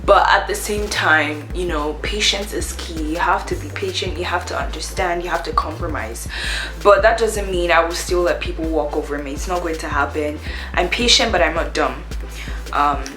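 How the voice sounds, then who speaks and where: A young woman chatting candidly while doing her makeup, reflective and quick to laugh. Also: lowish voice. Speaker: beauty vlogger. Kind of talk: get-ready-with-me chat while doing makeup. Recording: echoey room with faint music.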